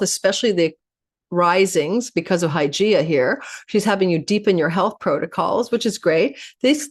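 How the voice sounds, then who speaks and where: A middle-aged woman astrologer giving a fast, animated weekly horoscope forecast, speaking directly to viewers by sign. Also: medium pitch.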